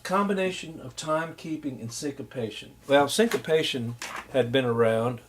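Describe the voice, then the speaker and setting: In a recorded lecture, a male music instructor with a medium-pitched voice loosely explains jazz rhythm, scatting and humming the patterns to demonstrate. He's unhurried and loose, using many fillers, and there's a little hiss or hum on the recording.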